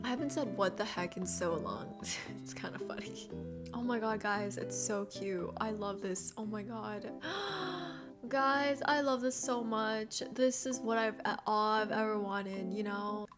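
A young woman from Thailand giving gushing, bubbly gameplay commentary for her channel, with game music behind her. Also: medium pitch. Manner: gushing, bubbly, fast bursts of excitement. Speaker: gaming YouTuber.

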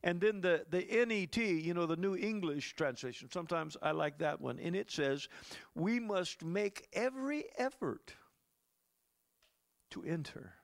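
A man preaching to his congregation in a loose, conversational way. His voice sits fairly high and has a gravelly edge, and he drops in chuckles and side remarks to the church as he goes. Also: animated, measured pace. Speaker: pastor. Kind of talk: sermon.

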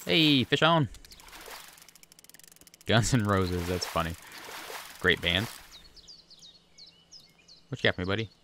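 A man's voice: on the low side, very animated, slow pace, long pauses, sharp tone, a little hiss or hum. A man chatting casually and rambling through gameplay commentary at his home desk, talking to the fish on screen. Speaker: gaming video creator. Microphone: USB desk microphone.

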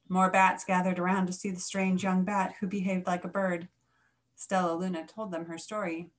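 A woman reading a children's picture book aloud, with clear, expressive storytelling. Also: fairly low pitch, moderate pace.

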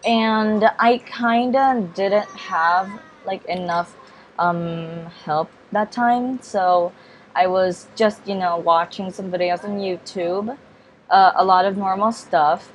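A woman's voice: mid-range voice, slow, muffled recording, slight background noise. A woman vlogging casual game commentary, hesitant and rambling, with many fillers, restarts and polite apologies. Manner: hesitant and rambling, many ums and self-corrections; apologetic, repeats polite refusals. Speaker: gaming vlogger.

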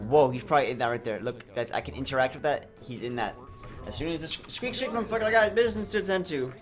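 Young male let's-play host: crude, jokey, very lively pitch, soft music under him. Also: quick pace. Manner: crude, excitable, jumps between mutters and high squeals. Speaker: gameplay streamer. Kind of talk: comedic let's play commentary.

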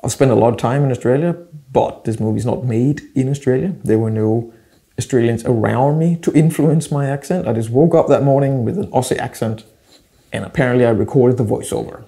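A man's voice: mid-range voice, brisk, vocal fry, warm tone. A middle-aged man, hosting his vlog in a chatty, self-mocking way. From Denmark. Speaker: photographer and video host. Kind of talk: casual vlog intro.

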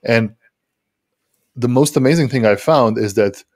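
A man's voice: mid-range voice, no echo, clean studio sound. Co-host guy, lots of restarts and ums, middle voice, video call. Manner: halting, many restarts and fillers. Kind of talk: casual tech discussion.

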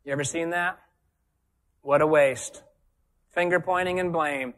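A man's voice: a little high, fairly even intonation, unhurried, a bit bright. A man giving a motivational keynote to a live audience, telling stories with theatrical energy and asking the audience questions. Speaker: keynote speaker. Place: large room before a live audience.

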